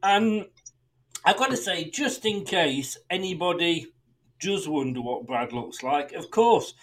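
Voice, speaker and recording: A man's voice: fairly high pitch, lively intonation, a little slow, a bit bright. A man hosting a football prediction podcast over a video call, chatty and self-mocking, laughing often. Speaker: podcast host. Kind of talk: casual chat.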